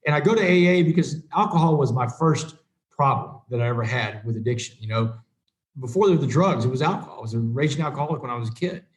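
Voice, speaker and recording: A man's voice: medium pitch, animated, quick pace. A middle-aged man telling his recovery story to a group, earnest and plain-spoken, acting out the conversations he recalls. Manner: earnest storytelling, acts out quoted dialogue. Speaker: recovery speaker. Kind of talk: personal recovery talk to a group.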